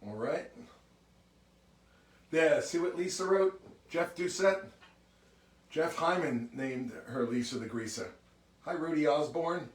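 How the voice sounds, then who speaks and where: A man's voice: a little high, slow, pauses often, distant mic. A man hosting a music livestream, chatting casually and greeting viewers one by one by name. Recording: roomy sound from off mic.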